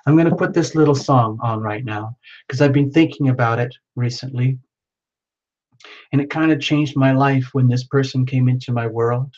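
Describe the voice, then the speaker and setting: A man's voice: medium pitch, normal speed, a little mellow. A man hosting a live tarot reading stream, talking in an earnest, rambling way full of filler words. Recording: slightly dull lo-fi audio.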